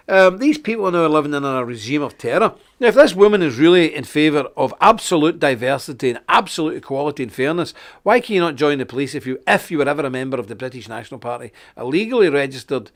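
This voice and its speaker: A middle-aged Scottish man hosting a live online show, ranting indignantly with sarcastic asides. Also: a little high. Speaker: host.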